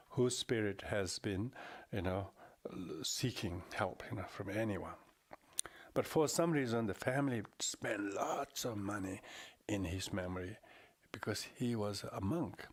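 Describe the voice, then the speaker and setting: An older man giving a dharma talk as a Buddhist lama, halting and often restarting his words. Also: lowish voice.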